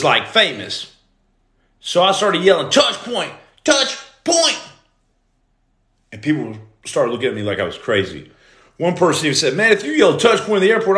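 A man in his forties hosting a casual live stream, greeting viewers by name and breaking into loud outbursts. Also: high voice. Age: 40s. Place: room at home. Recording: echoey room.

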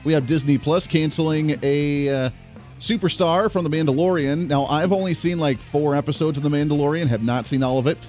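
In a dry studio with faint music, a man in his thirties from Kansas delivers an energetic talk-radio monologue into a studio microphone. He's chatty, upbeat and opinionated, speaking directly to his listeners. His voice is on the high side, a bit fast and a little mellow, with fairly even intonation.

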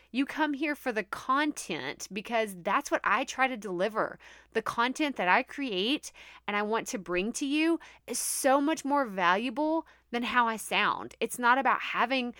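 A woman's voice: a little high, expressive, moderate pace, a bit bright, dry recording, clean studio sound. A woman with a Texan accent hosting a podcast, talking in a chatty, upbeat way with frequent laughs and lots of "like". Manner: chatty, upbeat, laughs often, says "like" a lot. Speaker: podcast host. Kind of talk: casual podcast monologue.

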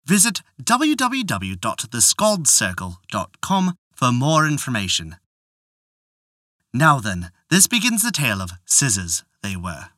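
A podcast storyteller narrating a folk tale with an expressive, scripted reading. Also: medium pitch, no room sound, clean studio sound.

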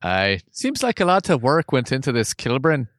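A man co-hosts a casual drinks chat, joking and laughing easily. His pitch swings widely as he talks. The recording is close and dry. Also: wildly swooping pitch, normal speed, a bit bright, dry recording. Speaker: podcast co-host.

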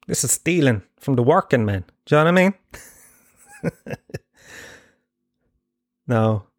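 A man's voice: mid-range voice, expressive, slow, no room sound, clean studio sound. A man hosting his own podcast, rambling through stories in a casual, self-mocking way and swearing freely. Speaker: podcast host. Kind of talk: comedic casual monologue.

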